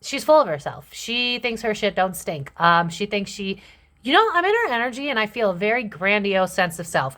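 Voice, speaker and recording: A woman's voice: mid-range voice, sing-song, normal speed, fairly bright tone. Young woman, tarot reader, chatty and blunt delivery, casual slang, mid-range voice. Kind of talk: casual tarot reading to camera.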